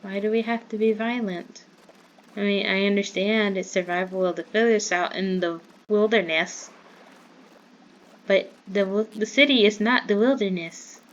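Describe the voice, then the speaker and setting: A woman's voice: mid-range voice, fairly even intonation, moderate pace, highs cut off. A woman from the American South chatting in a rambling way while playing a game, easily startled. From Southern United States. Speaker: gamer. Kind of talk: casual Minecraft commentary.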